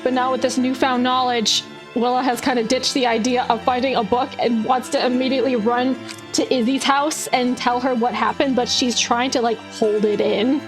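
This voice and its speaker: A woman's voice: fairly high pitch, flat delivery, music in the background, poor audio. A woman playing a tabletop role-play game, talking casually with many "like"s about her character. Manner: chatty, lots of "like", quick and bubbly. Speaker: player.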